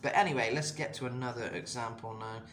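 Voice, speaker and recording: A man's voice: mid-range voice, quick pace, fairly bright tone, roomy sound, slight background noise. A man giving a casual singing lesson and explaining vocal technique in loose, rambling talk full of fillers. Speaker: vocal coach.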